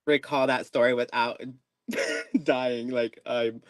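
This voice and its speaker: A man hosting a casual live psychic stream, animated and laughing as he tells stories and reads tarot cards. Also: mid-range voice, slow pace, no echo. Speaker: psychic reader host.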